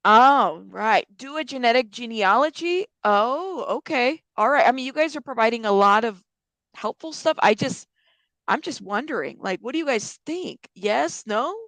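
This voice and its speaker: A woman's voice: on the high side, expressive, normal speed, a bit bright, no room sound. Chatty woman streamer, dry sound. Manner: chatty, reacts to chat comments, thinks aloud. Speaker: news commentary streamer. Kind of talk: casual live-stream commentary.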